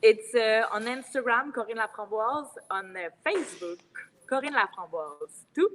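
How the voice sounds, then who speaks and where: A woman whose first language is French, a professional fighter talking as a guest in a casual interview, friendly and pausing to search for words. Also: fairly high pitch, lively intonation, a bit bright, a little hiss or hum, rough recording.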